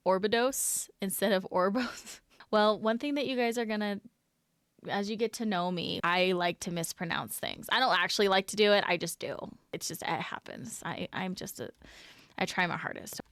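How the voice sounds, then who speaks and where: A woman's voice: medium pitch, normal speed, fairly bright tone, clear, resonant tone, no echo, clean studio sound. A woman streamer guiding viewers on a game lore tour, chatty and self-deprecating. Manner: chatty, self-deprecating, laughs at own mispronunciations. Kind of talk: casual live-stream narration.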